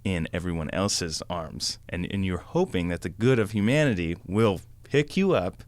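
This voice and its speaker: Brief: male podcast guest, deep voice, rambling anecdotal storyteller. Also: moderate pace, no room sound. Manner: rambling, lots of fillers and acted quotes. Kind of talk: casual storytelling.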